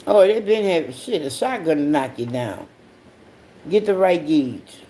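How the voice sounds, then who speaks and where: A podcast host telling a story in a casual monologue, blunt and profane, breaking into sudden high outbursts and laughing along the way. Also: lively intonation, a little slow, dark tone, a little hiss or hum.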